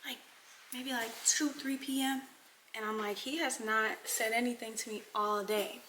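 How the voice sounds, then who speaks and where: A young woman vlogger telling a casual storytime, animated and talking straight to her viewers, sometimes dropping into dramatic whispers. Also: fairly high pitch, unhurried, slight background noise. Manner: addresses viewers as y'all.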